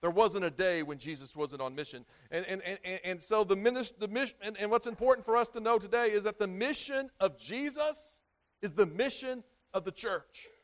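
High-voiced man preaching. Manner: halting, repeats words often; rises loud in emphatic passages, drops low at phrase ends. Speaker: pastor. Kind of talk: sermon.

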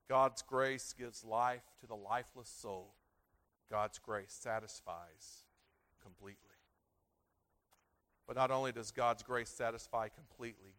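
A man's voice: mid-range voice, steady tone, unhurried, pauses often, fairly bright tone. A man in his thirties, a pastor preaching a sermon with earnest, repetitive emphasis that swells and falls. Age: 30s.

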